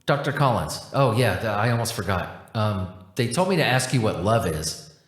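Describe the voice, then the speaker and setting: A man's voice: lowish voice, big pitch swings, moderate pace, voice pushed down. A man voicing a confused, polite scientist who speaks hesitantly and apologizes often. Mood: unsure. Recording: roomy echo.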